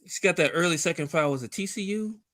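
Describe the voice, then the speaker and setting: A man co-hosting a sports podcast, arguing his points in an exasperated, lively way and laughing easily. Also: a little high, fast talker. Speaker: podcast co-host. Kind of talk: casual sports talk.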